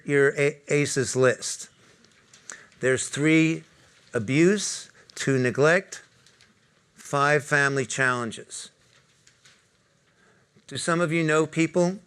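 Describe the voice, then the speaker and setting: A man's voice: on the high side, a bit bright, clean tone. Man leading an audience exercise. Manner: direct, instructive, addresses audience with questions. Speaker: workshop speaker. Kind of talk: leading a live group exercise. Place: corporate talk venue with audience.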